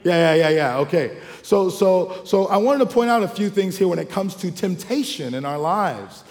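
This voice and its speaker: A male pastor, preaching a lively sermon with call-and-response asides and acted-out quotes. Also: high voice, normal speed. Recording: long hall reverb.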